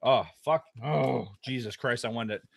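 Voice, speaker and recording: A man's voice: medium pitch, moderate pace, gravelly. A man co-hosting a podcast in casual chat, ranting angrily and swearing constantly. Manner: heated, profanity-laden ranting. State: angry. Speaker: podcast co-host.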